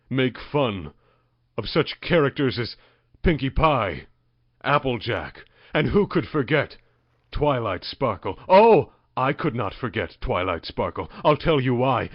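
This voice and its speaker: A man's voice: mid-range voice, no room sound. A man playing a bitter, obsessive male cartoon fan in an indignant rant. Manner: ranting, indignant. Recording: muffled lo-fi recording.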